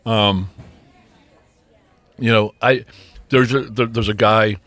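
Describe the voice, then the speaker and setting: Rambling low-voiced man in a dry studio. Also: fairly even intonation, slow, fairly bright tone, no room sound, soft background music. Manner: rambling, repeats words, frequent ums. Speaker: podcast co-host. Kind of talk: casual recovery podcast chat. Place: podcast studio.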